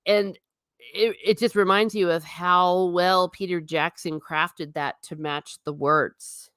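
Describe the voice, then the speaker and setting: A woman, chatting casually on a stream and reading out viewer comments with a lively manner. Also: on the low side, takes it slowly, no room sound, clean studio sound. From Ireland. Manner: chatty, animated, breaks into silly singing. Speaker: livestream host.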